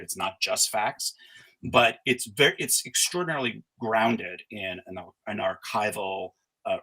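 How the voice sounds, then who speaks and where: A middle-aged man speaking as the guest scholar in a conversational interview, thoughtful and halting, with frequent restarts and fillers. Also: medium pitch, sharp tone, low-quality recording.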